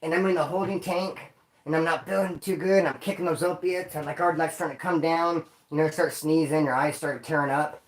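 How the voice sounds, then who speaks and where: This livestream host's voice is fairly high, with a steady tone and a slightly fast pace. He tells loose, slang-filled stories, wandering and repeating himself, in a recording with roomy echo.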